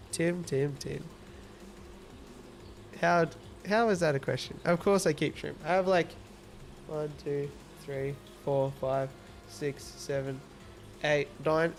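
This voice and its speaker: On a recording with a bit of hiss or hum, this Australian man speaks a little slowly in a voice on the high side. Hosting a laid-back livestream, he reads viewers' comments aloud and pokes fun at them, often breaking into laughter.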